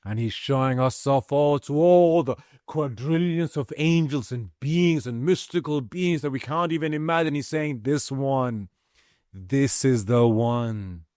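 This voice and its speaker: A man's voice: fairly high pitch, moderate pace, a little mellow, dry recording, studio quality. A man giving an impassioned spiritual pep talk, repeating his lines and swearing freely for emphasis. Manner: profane, repetitive, emphatic. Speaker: motivational speaker.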